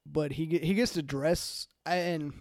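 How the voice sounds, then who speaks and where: A man's voice: on the high side, measured pace, a little mellow, dry recording, clean studio sound. A young man chatting casually, rambling through fillers and casual swearing. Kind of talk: casual chat.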